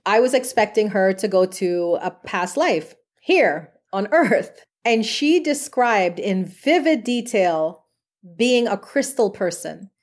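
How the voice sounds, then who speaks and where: A woman who works as a medium and past life regression therapist is a guest on a podcast, answering interview questions conversationally. Her voice sits at an ordinary middle pitch, and she tells her stories earnestly and chattily, with frequent "like" fillers.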